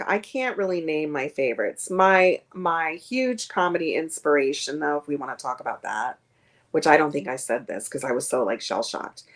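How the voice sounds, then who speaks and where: A woman comedian chatting as a guest on a streamed video call, rambling with many fillers. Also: sits low. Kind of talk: casual interview chat.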